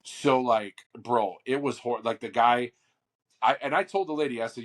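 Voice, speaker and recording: A man co-hosting a podcast, telling a long story in a casual, animated way, full of fillers and swearing. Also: medium pitch, normal speed. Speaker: podcast co-host.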